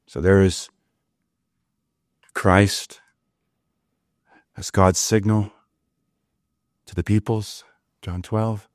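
A man preaching a sermon, slow and emphatic, often asking his listeners rhetorical questions. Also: lowish voice, level tone, dry recording, clean studio sound. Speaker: pastor.

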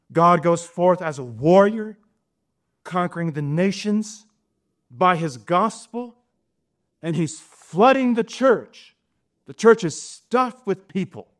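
A man preaching a sermon, slow and emphatic, often asking his listeners rhetorical questions. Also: high-pitched, no room sound, clean studio sound. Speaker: pastor.

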